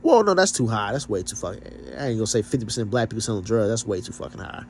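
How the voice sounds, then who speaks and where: A man's voice: lowish voice, big pitch swings, racing, a little mellow, a little hiss or hum. A man vlogging in a casual rant, blunt and profane, sounding slightly stuffed up.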